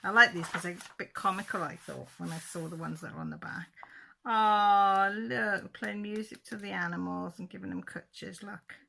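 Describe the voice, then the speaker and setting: A chatty woman talks viewers through a book flip-through, chuckling as she goes. Her voice is bright and forward with a gravelly rasp at the edges. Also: medium pitch, normal speed, a little hiss or hum. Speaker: channel host.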